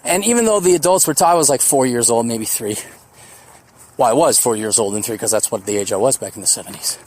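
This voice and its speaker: A man's voice: mid-range voice, expressive. A man in his forties hosting a solo podcast, rambling in a profane, reflective way. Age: 40s. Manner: rambling, profane, reflective, mocks others in quick put-on voices. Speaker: podcast host.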